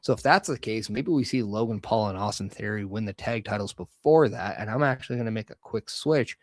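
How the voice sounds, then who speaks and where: A man with a fairly low voice hosts his own podcast, talking loosely and with energy. He gives pointed opinions and picks up speed when something gets him going. The sound is close and dry, with no room around it. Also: brisk, no echo. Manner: energetic, opinionated, loose fantasy-booking talk. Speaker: podcast host. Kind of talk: casual solo commentary.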